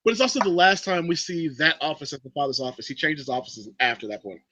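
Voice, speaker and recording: A man hosting a casual movie review chat, recapping scenes with sarcastic, animated commentary. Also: fairly high pitch, fast talker, no echo. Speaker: podcast host.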